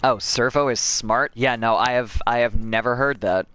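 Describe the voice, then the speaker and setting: A man's voice: medium pitch, moderate pace, a bit bright, clear, resonant tone, no room sound. A young American man streaming a game, chatting with viewers and swearing in frustration. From United States. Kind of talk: casual gameplay commentary.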